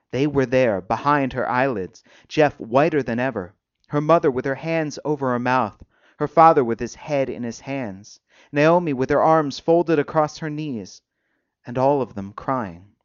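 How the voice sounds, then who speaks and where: A man narrating an audiobook in an expressive way, often dropping to a hush in tense passages, on a dull, dry recording. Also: mid-range voice, no echo.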